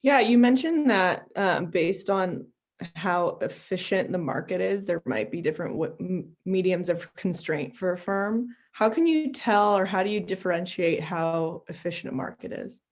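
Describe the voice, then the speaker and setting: A woman's voice: on the low side, animated, moderate pace. A female student asking the lecturer a question in class, hesitant and searching for words.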